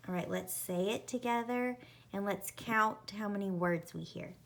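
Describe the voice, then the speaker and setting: A woman teacher leading an early-reading spelling lesson, sounding out words and letters deliberately. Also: medium pitch, vocal fry, fairly bright tone.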